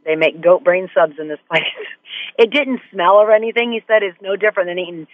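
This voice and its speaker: A woman calling in to a radio show and chatting in an animated, laughing way. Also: fairly low pitch, fairly quick, dry recording. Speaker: caller. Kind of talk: phone-in chat. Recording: tinny phone line.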